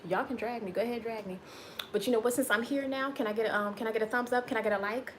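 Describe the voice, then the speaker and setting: A woman's voice: on the high side, quick pace, slight background noise. A woman hosting a casual livestream, chatting playfully with viewers and reading their comments aloud. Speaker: livestream host.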